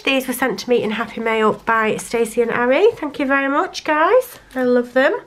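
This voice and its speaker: A woman's voice: sits high, normal speed, few pauses. A young woman chatting casually to camera while she sorts her sticker collection and thinks aloud. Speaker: planner sticker vlogger.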